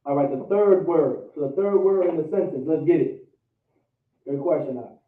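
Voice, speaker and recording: This man teaches a class via online call, with an American accent, running vocabulary and pronunciation drills in which every word gets repeated again and again. His voice is on the high side at a moderate pace, and the audio sounds tinny, echoey, and distant.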